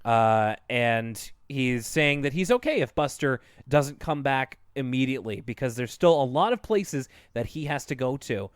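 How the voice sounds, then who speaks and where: A man's voice: medium pitch, expressive, moderate pace, few pauses, clear, resonant tone, no echo, clean studio sound. A man co-hosting a podcast, talking casually about a cartoon episode and laughing often. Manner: chatty, laughs often, jokey. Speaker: podcast co-host. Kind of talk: casual chat.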